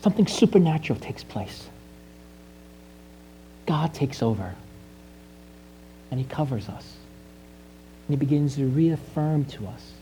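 A man's voice: on the high side, lively intonation, normal speed, warm tone, a little hiss or hum. A man from China, a pastor, giving a personal testimony sermon, earnest and confessional, often restarting and rising in emphasis.

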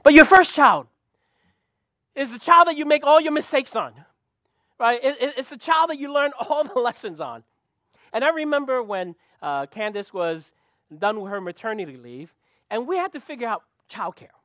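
A man's voice: very high-pitched, normal speed, no room sound. New pastor guy preaching, middle-aged, keeps asking the crowd "right?", dry kinda dull sound. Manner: animated storytelling with rhetorical questions. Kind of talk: sermon.

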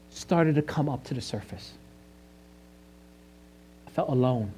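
A man's voice: medium pitch, moderate pace, long pauses, darkish tone, husky. A man from China, a pastor, giving a personal testimony sermon, earnest and confessional, often restarting and rising in emphasis.

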